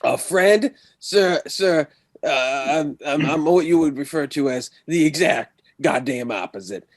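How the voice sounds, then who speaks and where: A man voicing a gruff Southern rancher with a put-on Texan drawl, folksy and a bit stumbling. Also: on the high side, animated, a little slow, voice pushed up. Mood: indignant.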